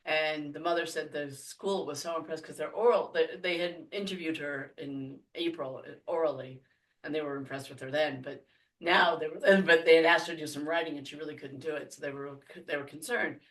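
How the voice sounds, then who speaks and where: A woman telling stories in a casual podcast conversation, animated and laughing often. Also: deep voice, brisk. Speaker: podcast guest. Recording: voice a bit distant from the mic.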